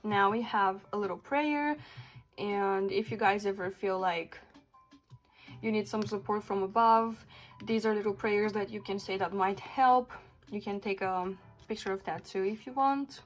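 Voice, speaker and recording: A woman's voice: mid-range voice, unhurried, poor audio. A woman doing a pick-a-card tarot reading for her viewers, talking earnestly and bluntly, sometimes swearing for emphasis. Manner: asks spirit questions aloud while pulling cards. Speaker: tarot reader.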